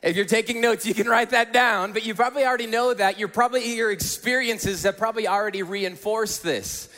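A high-voiced male pastor preaches to a congregation in a large church auditorium, telling stories in a chatty, animated way. His voice rings out with a long echo through the hall. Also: fairly quick. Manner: conversational storytelling, animated. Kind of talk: sermon. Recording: echoey hall.

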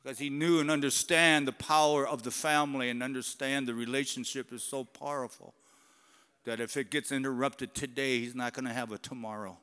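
A male pastor preaching a sermon in a church, animated and conversational, swinging between loud and whispered passages. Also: mid-range voice, brisk, clear, resonant tone. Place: church sanctuary. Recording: long church reverb.

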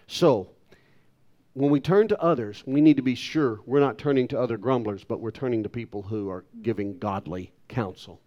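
A man's voice: mid-range voice, dark tone, highs cut off. A male pastor giving a sermon, talking emphatically and putting rhetorical questions to the congregation.

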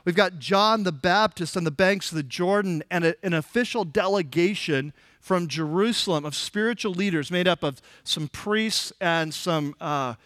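A man's voice: sits high, normal speed, hardly any pauses, a bit bright, dry recording, clean studio sound. A man preaching an expository sermon, retelling scripture in a conversational, everyday way. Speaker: pastor.

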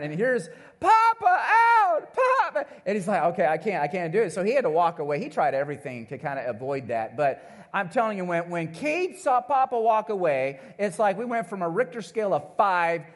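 Animated, high-voiced male preacher. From Missouri, USA. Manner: animated, playful storytelling with congregational asides. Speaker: pastor. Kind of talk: sermon with storytelling.

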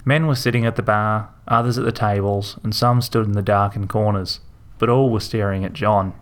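A man narrating a story in a measured, vivid way. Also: lowish voice, steady tone.

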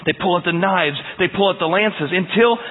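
A man preaching a verse-by-verse sermon in an animated, emphatic storytelling style, heard with a tinny sound in a large hall. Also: high-pitched, normal speed. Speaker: pastor.

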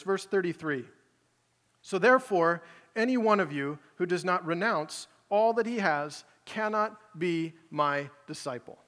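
High-voiced male pastor in a reverberant hall. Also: fairly bright tone. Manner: conversational preaching, voices Jesus and listeners in casual paraphrase. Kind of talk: sermon.

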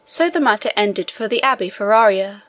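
A woman narrating a classic novel in an even, measured reading. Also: medium pitch, no echo. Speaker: audiobook reader. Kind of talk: scripted narration.

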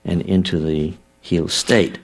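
Low-voiced man, guest on a talk show, storytelling with acted quotes and many fillers. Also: fairly even intonation, creaky, slight background noise. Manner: measured and explanatory. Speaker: guest healer. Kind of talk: explaining a healing theory on a talk show.

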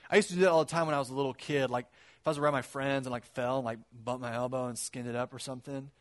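A man giving a casual, conversational sermon, animated and acting out quotes in his retelling. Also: medium pitch, very fast.

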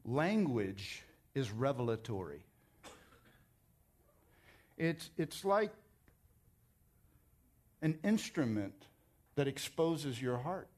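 Animated male preacher telling stories. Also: mid-range voice, drawn-out words, pauses often. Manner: animated storytelling, emphatic; conversational, jokes with the congregation. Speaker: pastor. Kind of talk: sermon.

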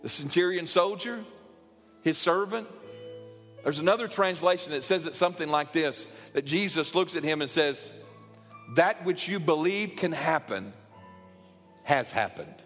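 Preacher guy in church, highish voice, long hall echo, soft music under him. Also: animated, measured pace, long pauses. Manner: emphatic preaching with repeated phrases. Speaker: pastor. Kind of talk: sermon. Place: church sanctuary.

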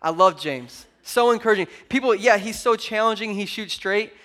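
High-voiced animated preacher man. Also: moderate pace. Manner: animated preaching, jokes with congregation. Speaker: pastor. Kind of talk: sermon.

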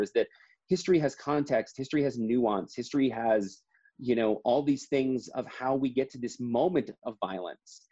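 A man's voice: medium pitch, a little mellow, highs cut off. A man who co-wrote a comic book, talking in a chatty, rambling way with many restarts during an interview. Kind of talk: casual interview conversation.

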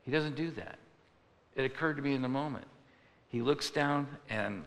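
A man preaching in a large church, his voice gravelly and bright with an edge of tension. He talks in a loose, conversational way, slipping into the voices of people he quotes. Long reverb rings around him in the hall. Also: mid-range voice, unhurried. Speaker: pastor. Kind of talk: sermon.

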